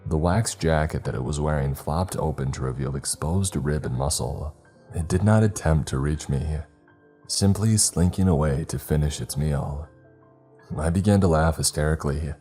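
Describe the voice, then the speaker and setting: Brief: male horror narrator, very low and mellow, steady measured read, faint music underneath. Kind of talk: scripted first-person horror narration.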